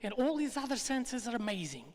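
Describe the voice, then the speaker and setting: A speaker voicing a calm male airline passenger who talks in a low, steady, reassuring way. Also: fairly quick, lightly acted. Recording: long reverb from a live hall.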